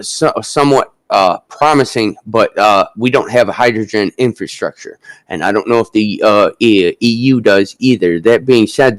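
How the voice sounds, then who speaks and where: A man hosting a casual live stock chat, talking in a halting way with many drawn-out fillers. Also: on the low side, dry recording, low-quality recording.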